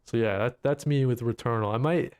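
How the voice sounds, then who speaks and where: A man with a mid-range, darkish, clear and resonant voice talks fairly quickly as co-host of a gaming podcast. His casual chat rambles, peppered with "you know what I mean" and some swearing.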